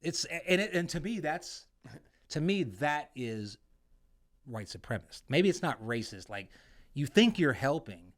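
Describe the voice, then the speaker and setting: A man from the United States co-hosting a casual podcast chat, telling stories with lots of swearing and sudden jumps in pitch and loudness. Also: measured pace. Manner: profane, animated storytelling with swings in pitch and loudness. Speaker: podcast co-host, veteran.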